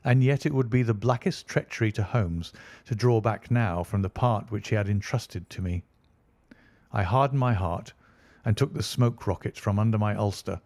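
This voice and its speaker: A man reads an audiobook aloud, his storytelling steady and measured. His voice sits on the low side, and the recording is dry.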